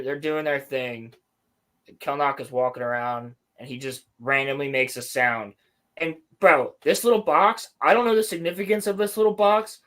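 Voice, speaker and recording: A man co-hosting a podcast, recapping a show in casual chat, animated and swearing often. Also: a little high. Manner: animated, swears a lot, mimics characters. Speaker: podcast co-host.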